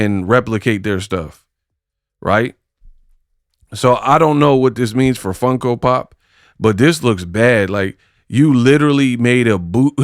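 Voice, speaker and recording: A man's voice: mid-range voice, smooth, no echo, studio quality. Exasperated man ranting about boxing. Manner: exasperated, lots of rhetorical questions. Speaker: boxing commentary host. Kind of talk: casual commentary rant.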